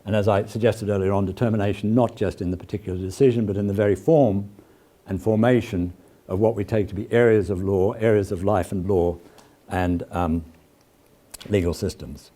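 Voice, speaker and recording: Delivering an academic lecture, an older man who teaches law speaks deliberately and haltingly, dropping frequent "uh"s. He leans on key words when reading quotations aloud, in a fairly low, steady, warm voice.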